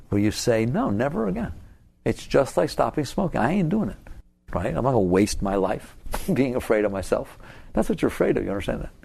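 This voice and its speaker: An older man giving a spiritual talk to an audience, animated and often laughing, his voice jumping high for emphasis. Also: vocal fry, breathy edge. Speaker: spiritual teacher.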